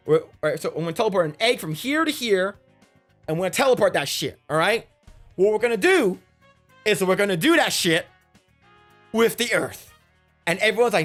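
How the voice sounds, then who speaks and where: A man's voice: high-pitched, animated, fairly quick, a bit bright, soft background music. A man giving a casual, rambling movie recap, crude and profane and full of fillers. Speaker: movie reviewer.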